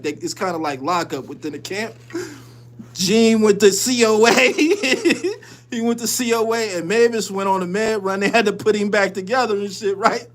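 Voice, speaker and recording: A man hosting his channel, telling a story in casual, profane street slang and laughing often as he goes. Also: high-pitched. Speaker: channel host.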